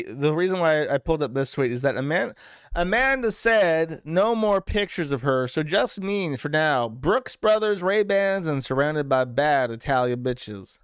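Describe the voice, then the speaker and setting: A man's voice: a little high, clean tone, no room sound, studio quality. A man hosting a commentary show, talking over clips in a crude, sarcastic, profane way.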